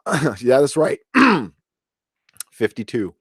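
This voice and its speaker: Relaxed, rambling man on a dry mic. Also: medium pitch, takes it slowly, long pauses, no echo. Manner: rambling and relaxed, many fillers and restarts. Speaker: live show host reviewing a TV episode. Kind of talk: casual live-stream chat, reading viewer comments.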